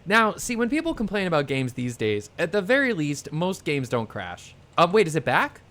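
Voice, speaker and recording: A man's voice: fairly high pitch, huge pitch swings, normal speed, fairly bright tone. A man giving casual, rambling commentary over a video game he is playing, sarcastic and swearing when annoyed. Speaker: let's play streamer. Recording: faint game music behind.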